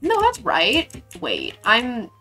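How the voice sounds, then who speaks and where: A woman's voice: on the high side, huge pitch swings, takes it slowly, bright, forceful tone, faint music behind. A young woman live streamer chatting casually while building in a game, bubbly and playful, gushing thanks to her viewers.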